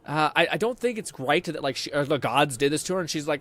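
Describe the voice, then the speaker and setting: Animated young man streaming a game. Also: fairly high pitch, fast, no room sound. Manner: excitable, swears, laughs, reads chat aloud. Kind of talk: casual game commentary.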